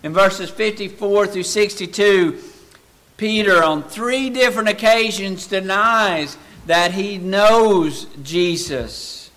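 Slow, bright-voiced male preacher. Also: sits high. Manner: slow, dramatic, swings from loud to hushed. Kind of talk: sermon.

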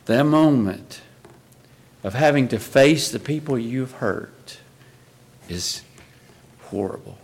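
A man's voice: medium pitch, lively intonation, takes it slowly, long pauses, a little hiss or hum. A man preaching a sermon in an earnest way, often asking his listeners rhetorical questions.

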